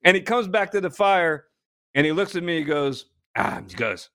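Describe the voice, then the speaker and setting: A man from New Jersey telling a long story as a guest, animated, with frequent restarts and laughter. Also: a little high, moderate pace. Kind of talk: casual storytelling.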